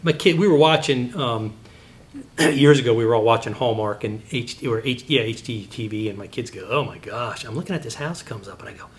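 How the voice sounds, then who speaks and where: A middle-aged man giving a Christian apologetics teaching talk, telling animated, digressive personal stories with sudden jumps in pitch. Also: fairly quick.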